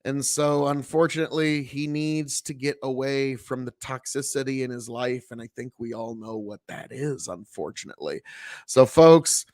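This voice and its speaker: A man's voice: mid-range voice, fairly even intonation, moderate pace, hardly any pauses, darkish tone, no room sound. A man hosting a casual talk show, giving blunt commentary full of swearing and rambling asides. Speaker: podcast host.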